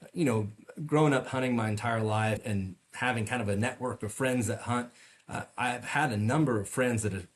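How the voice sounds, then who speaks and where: A middle-aged man, a podcast guest, earnestly recounting a personal story in detail with frequent fillers and restarts. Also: medium pitch. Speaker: podcast guest, medical device sales rep. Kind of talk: storytelling interview.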